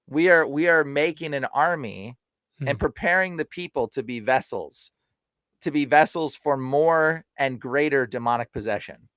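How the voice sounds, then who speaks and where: A man's voice: fairly high pitch, normal speed, clean tone, no echo, studio quality. A man who is a podcast guest and deliverance minister, telling stories casually and animatedly, acting out the people he quotes. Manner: animated, retells stories with quoted voices and laughs. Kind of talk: casual storytelling.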